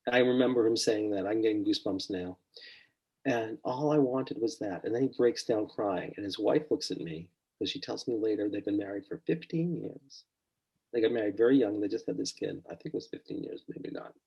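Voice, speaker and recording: A middle-aged man, a psychotherapist, relaxed and storytelling in a podcast interview, quietly acting out his clients' words. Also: fairly low pitch, husky, highs cut off. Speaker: psychotherapist guest.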